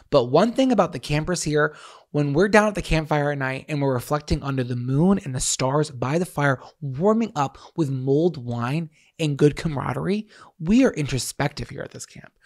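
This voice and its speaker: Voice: mid-range voice, lively intonation, brisk. A podcast co-host in casual comedic chat, riffing playfully and mock-preachy.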